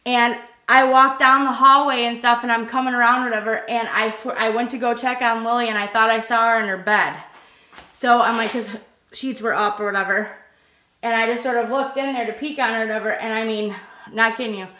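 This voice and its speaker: A woman's voice: a little high, steady tone, fairly quick, bright, forceful tone, roomy sound. A woman in her thirties hosting a paranormal livestream outdoors at night, chatting loosely with viewers and swearing freely. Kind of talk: casual livestream chat.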